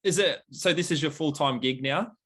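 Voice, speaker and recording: A man's voice: on the high side, moderate pace, fairly bright tone, husky. A man hosting a podcast, asking loose, friendly questions and teasing his guest. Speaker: podcast host. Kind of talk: casual chat.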